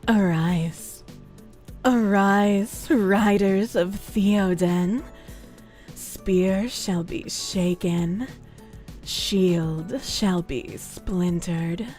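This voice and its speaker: Woman doing a sultry commanding war king, low breathy voice, very slow drawn-out delivery. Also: darkish tone, soft background music. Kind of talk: dramatic reading in a put-on sultry voice.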